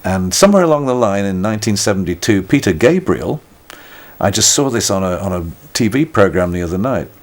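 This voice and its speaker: This older British musician has a voice on the low side, expressive and brisk. Thoughtful in a reflective conversational interview, he is wry and self-mocking and keeps restarting his sentences.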